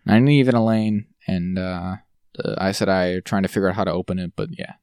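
A man co-hosting a podcast in casual chat, ranting in an exasperated way with sudden jumps in pitch. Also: fairly even intonation, fairly quick, darkish tone, clear, resonant tone, no echo, clean studio sound. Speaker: podcast co-host.

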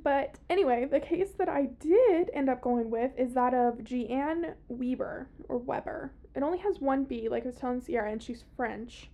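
A woman's voice: sits high, normal speed, few pauses, mellow. A young woman hosting a podcast in casual chat, talkative and loose, full of fillers and swearing. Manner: chatty, swears, many fillers. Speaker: podcast host. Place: podcast room.

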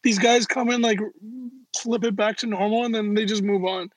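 A man with a husky voice making offhand, slangy remarks in casual banter. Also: high voice, steady tone, normal speed, dry recording, poor audio.

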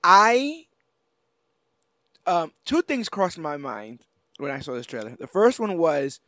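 Animated higher-voiced man, dry sound. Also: takes it slowly, dry recording. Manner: animated, acts out quoted characters. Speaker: podcast co-host. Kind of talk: casual chat.

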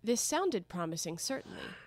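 A woman narrating a classic children's story aloud in a clear, measured and expressive reading. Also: medium pitch, dry recording.

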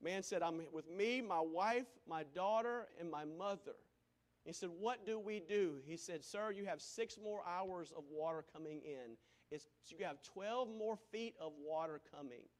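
A man preaching a sermon, moving between loud, emphatic lines and hushed, nearly whispered ones. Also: on the high side, unhurried.

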